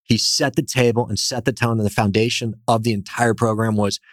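A man, a company founder, telling energetic stories as a guest in a casual interview. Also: lowish voice, brisk, no echo, studio quality. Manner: animated, energetic storyteller.

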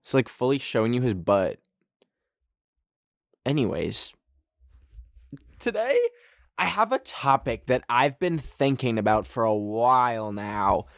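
A man's voice: medium pitch, sing-song, measured pace, pauses often, dry recording, clean studio sound. A man hosting a podcast in casual chat from a friend's room, rambling with lots of fillers and poking fun at himself. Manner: rambling, filler-heavy, self-mocking. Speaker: podcast host. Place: friend's darkened bedroom.

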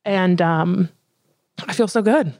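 A woman's voice: lowish voice, takes it slowly, darkish tone, dry recording, clean studio sound. A young woman co-hosting a podcast, chatting casually and animatedly with lots of fillers. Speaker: podcast co-host. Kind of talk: casual chat.

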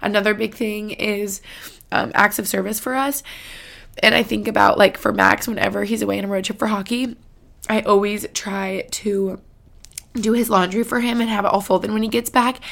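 A woman's voice: mid-range voice, fairly even intonation, normal speed, creaky, a bit bright. A young woman vlogging about her relationship in a personal, emotional way, close to tears, full of "like" fillers. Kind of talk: personal vlog talk.

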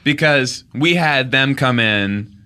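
Comedy podcast co-host, male, slow deliberate delivery, bright forward tone, deadpan. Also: medium pitch, smooth. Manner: deadpan, absurd bits told straight. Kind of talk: deadpan improvised comedy chat.

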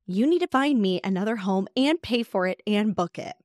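A woman's voice: mid-range voice, animated, normal speed, a little mellow, dry recording, studio quality, close to an everyday voice. A woman voicing an angry, demanding female renter in her forties, reading her lines out with indignant emphasis.

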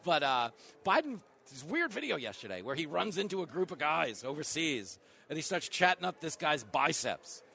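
Male talk radio host, bright lively delivery, comic monologue with sudden loud bursts; live event broadcast. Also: a little high, creaky. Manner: fast joking riffs, big swings in loudness.

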